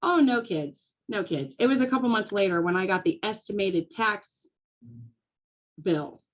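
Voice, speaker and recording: Woman, forties, casual talk, lively storytelling, laughs often. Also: mid-range voice, measured pace, dull audio. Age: 40s. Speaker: small business coach. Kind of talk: casual talk to a live audience.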